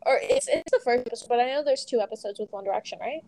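A young adult woman co-hosting a podcast in casual chat, talking fast and loosely, with lots of "like" and some swearing. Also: fairly high pitch, gravelly, dark tone. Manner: chatty, frequent "like", swears, laughs often. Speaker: podcast co-host.

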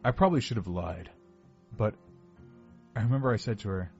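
A man's voice: on the low side, normal speed, pauses often, darkish tone, breathy edge, highs cut off, soft background music. A man narrating a first-person horror story in a wry, casual, self-mocking way.

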